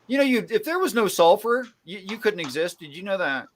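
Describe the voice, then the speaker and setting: High-voiced man firing rhetorical questions. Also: sing-song. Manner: quizzing, rapid rhetorical questions. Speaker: host. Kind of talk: casual debate on a call.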